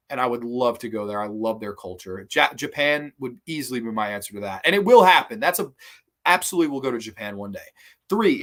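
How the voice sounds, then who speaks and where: A man hosting a live horror channel stream, answering viewer questions in a relaxed, rambling way with many ums, restarts and the odd swear word. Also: mid-range voice.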